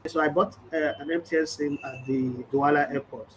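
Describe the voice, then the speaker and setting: Nigerian man, middle-aged, vlogging host; emphatic storyteller, voice a touch high, faint room hum behind. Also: steady tone, moderate pace, a bit bright, rough recording. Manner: emphatic, storytelling, acts out quoted exchanges. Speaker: sports journalist and channel host. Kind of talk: casual vlog monologue. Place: hotel room or indoor space, background ambience.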